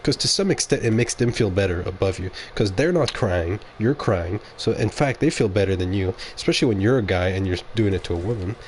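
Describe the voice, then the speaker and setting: A man's voice: fairly low pitch, lively intonation, a little fast, few pauses, slight background noise. A man streaming a game and talking casually to his audience, rambling and opinionated and often correcting himself mid-sentence. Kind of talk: casual livestream monologue.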